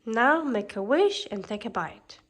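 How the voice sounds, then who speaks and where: A woman voicing a wicked queen disguised as a wheedling old peddler woman in a storybook reading, with a somewhat high voice. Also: big pitch swings, measured pace. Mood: sly. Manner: wheedling, calls listener dearie.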